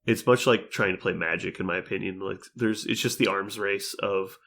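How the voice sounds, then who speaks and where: A man's voice: deep voice, steady tone, normal speed, gravelly, a bit bright. A young man co-hosting a casual podcast, swearing freely, laughing often and acting out quotes in a raised voice. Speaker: podcast co-host.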